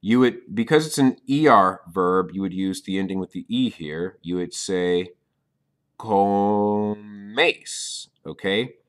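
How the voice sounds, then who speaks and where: Low-voiced man teaching a patient lesson. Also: normal speed, hardly any pauses. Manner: patient explaining, checks in with "okay?"; repeats key points for beginners. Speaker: Spanish teacher. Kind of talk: recorded video lesson.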